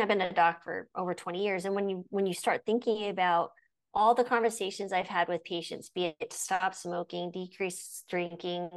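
A woman in her forties, a physician hosting an interview, talking earnestly and telling stories in a conversational way. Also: mid-range voice. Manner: earnest, storytelling with quoted voices. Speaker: physician and podcast host.

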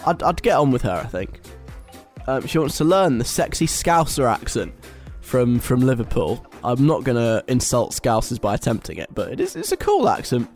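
A man's voice: mid-range voice, huge pitch swings, normal speed, faint music behind. A young British man hosting a radio show, reading a list aloud and mocking it in a chatty, wry way. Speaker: radio host. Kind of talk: casual radio talk.

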